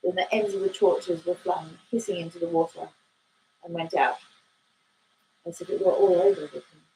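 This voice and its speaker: A woman's voice: on the low side, steady tone, moderate pace, dark tone, a little hiss or hum, poor audio. Australian woman reading a novel aloud. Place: home in Ireland.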